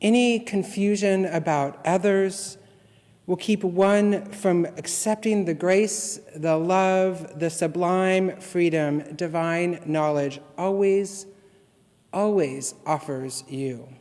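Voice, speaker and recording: A man serving as guest minister, reading a litany and a poem aloud in worship with a slow, measured, solemn delivery. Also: high-pitched, a little mellow. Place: church sanctuary. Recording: long reverb from a large hall.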